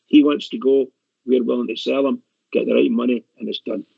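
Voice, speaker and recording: A man's voice: medium pitch, level tone, a little fast, creaky, husky, dry recording. A man calling a radio phone-in, speaking emphatically and repeating his phrases for weight. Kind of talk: casual phone-in chat. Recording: dull dry line.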